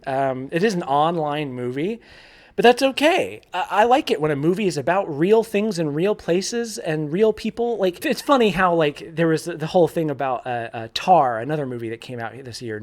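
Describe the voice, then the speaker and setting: A man giving a casual spoken film review, informal and candid, thinking aloud with frequent restarts and repeated words. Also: medium pitch.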